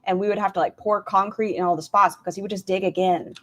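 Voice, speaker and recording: A woman's voice: medium pitch, steady tone, fast, fairly bright tone. A woman hosting a reaction stream, making wry, snarky comments on clips and chatting with viewers.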